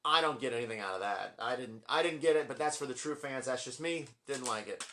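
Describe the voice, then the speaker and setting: Man, forties, bright forceful voice, rambling and gushing, apologetic asides: collection vlogger. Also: mid-range voice, a little fast, slight background noise. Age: 40s. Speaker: vlogger ranking his album collection. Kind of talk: casual collection vlog.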